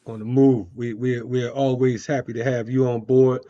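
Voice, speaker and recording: A man's voice: medium pitch, level tone, moderate pace. Bantering male host on a dull line. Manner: warm banter, repeats words. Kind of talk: casual call hosting. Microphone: video call. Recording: dull lo-fi call audio.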